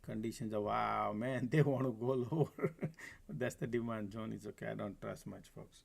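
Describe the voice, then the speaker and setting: A stock trading livestream host offers live market commentary, casually calling his viewers folks and laughing often. He speaks at a normal speed in a fairly low voice with vocal fry and a breathy edge, at times sitting far from his desk mic.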